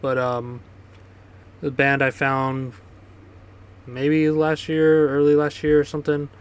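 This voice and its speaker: Casual rambling podcast host, flat delivery. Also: male voice, on the high side, takes it slowly, a little hiss or hum. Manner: loose, rambling, swears casually. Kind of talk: casual chat.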